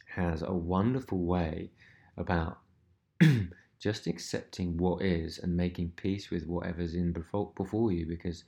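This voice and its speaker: A man's voice: low voice, dark tone. A man hosting a self-help podcast, talking reflectively in an easygoing way with many fillers. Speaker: podcast host.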